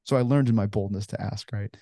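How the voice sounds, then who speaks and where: A man's voice: on the low side, quick pace, gravelly, dark tone, dry recording, studio quality. A man in his forties, a ministry founder, telling stories earnestly in a conversational interview with many "you know" fillers.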